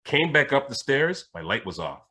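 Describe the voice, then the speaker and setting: A man from Jamaica tells a long personal story in a loose, animated way, often restarting sentences. His voice is husky with a bright, forceful edge, pitched in an ordinary middle range. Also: normal speed. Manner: animated anecdote telling with frequent restarts. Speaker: spiritual teacher and podcast host. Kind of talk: casual storytelling chat.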